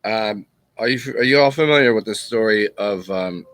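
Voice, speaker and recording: Male channel host, low-ish voice, rambling casual storyteller. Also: fairly bright tone, no echo. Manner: rambling and unhurried, with restarts and chuckles. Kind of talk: casual spoken teaching and storytelling.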